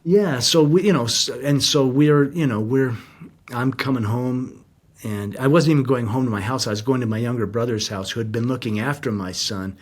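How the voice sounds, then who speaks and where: A man's voice: mid-range voice, normal speed. A middle-aged man, a guest in an interview, telling a personal story in an earnest, heartfelt, reflective way.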